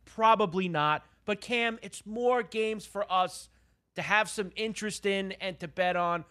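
Guy cohosting a betting show, bright ringing voice, gets pretty fired up. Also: high-pitched, measured pace. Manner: excitable, talks up the betting angle, frequent "uh". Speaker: sports betting show co-host. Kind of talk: casual sports chat.

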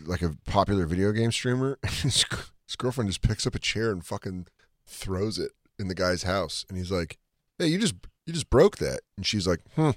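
A man co-hosting a casual podcast chat, telling stories with lots of laughter and quick put-on voices. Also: low voice, no room sound, studio quality. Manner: animated storytelling with impressions and laughter. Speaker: podcast co-host.

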